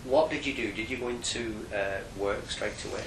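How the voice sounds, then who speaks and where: A man's voice: fairly low pitch, moderate pace, creaky, noisy background. Man asking brief interview questions. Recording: echoey room.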